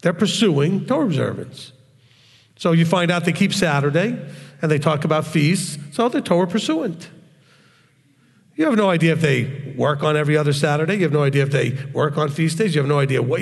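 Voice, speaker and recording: A man's voice: fairly high pitch, big pitch swings, fairly quick, creaky, in a large hall. A man preaching in a blunt, straightforward way on a live stream, often mocking other voices. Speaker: religious teacher.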